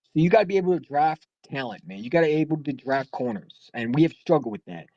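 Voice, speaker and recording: A man's voice: on the high side, expressive, quick pace, warm tone, no echo, lo-fi sound. A man calling in to a sports talk show, talking casually in a rambling, heated way with many restarts. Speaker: caller. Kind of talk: casual sports call-in chat.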